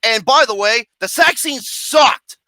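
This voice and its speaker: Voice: medium pitch, measured pace, bright, forceful tone, no room sound. A film reviewer ranting profanely and acting out scenes with mock wails and singing.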